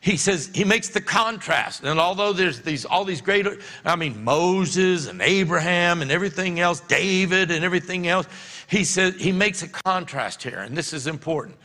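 A middle-aged pastor preaches in a folksy, storytelling way, often laughing as he goes. His voice sits a bit high and sounds bright and forceful. Long reverb from the church hall trails every phrase. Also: lively intonation, normal speed. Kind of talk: sermon. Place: church sanctuary.

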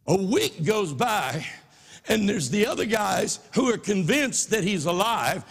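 A high-voiced man delivers an impassioned sermon. His tone is husky and slightly breathy, and it swings from quiet asides to ringing shouts. Long reverb from a large church sanctuary trails each phrase. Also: very animated, unhurried. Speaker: preacher.

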